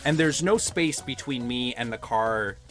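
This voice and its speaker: A man's voice: mid-range voice, unhurried, faint music behind. A young adult man chatting casually while playing a game, telling a story animatedly and swearing freely. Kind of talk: casual chat while gaming.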